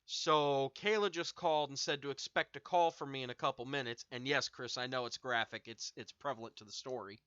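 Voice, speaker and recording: A man's voice: mid-range voice, a little fast, few pauses, fairly bright tone, smooth, dry recording, muffled recording. A young man hosting a stream, smoking and telling a long, profanity-laced story in a rambling, filler-heavy way. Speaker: streamer host. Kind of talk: casual storytelling to chat.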